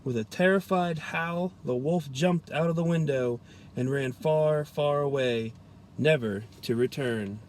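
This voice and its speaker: A man, a police trooper, reading a children's story aloud in a gentle, expressive storytelling way. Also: on the high side, unhurried, slight background noise.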